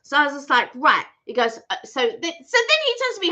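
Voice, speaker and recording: A woman hosting a casual live stream, telling a story in an animated way and acting out both sides of a phone call. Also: high-pitched, a little fast. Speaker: channel host. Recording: dull lo-fi stream audio.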